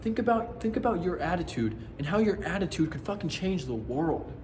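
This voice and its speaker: Young guy vlogging, kinda high voice, rambly and sweary, lots of likes and ums. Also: sing-song, brisk, a little mellow, a little hiss or hum. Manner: rambling and earnest, heavy swearing, many fillers. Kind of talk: casual monologue to camera.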